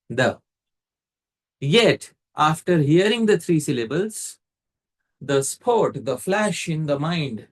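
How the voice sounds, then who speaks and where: A man giving a scriptural lecture, explaining step by step in a measured way and pausing to quiz a listener. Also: a little high. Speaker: teacher.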